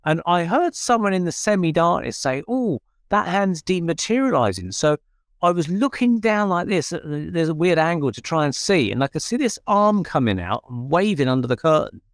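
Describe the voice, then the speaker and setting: Man telling a lively seance story. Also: fairly high pitch, normal speed, dry recording, clean studio sound. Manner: animated anecdote with quoted voices, many restarts. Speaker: paranormal researcher and host. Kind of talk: conversational storytelling.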